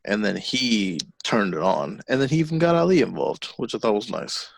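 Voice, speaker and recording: Man, podcast co-host, gravelly, lowish voice, dry close sound, animated retelling. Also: normal speed, no echo. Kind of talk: casual chat about a comic.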